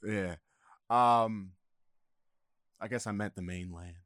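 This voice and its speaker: A man's voice: fairly low pitch, fairly even intonation, takes it slowly, a bit bright. A man chatting as a guest on a casual podcast, easygoing and hesitant, with many fillers.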